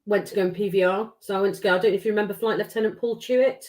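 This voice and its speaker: A woman's voice: mid-range voice, steady tone, racing, a little mellow. A middle-aged woman from England, chatting casually as a podcast guest, swearing freely and acting out the dialogue in her stories. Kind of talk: casual storytelling chat.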